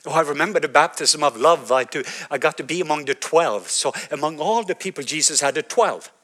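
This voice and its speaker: A Norwegian man in his fifties with a Norwegian accent, preaching a sermon as an animated storyteller. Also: on the high side, a little fast. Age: 50s. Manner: animated storytelling, acting out his own quoted words.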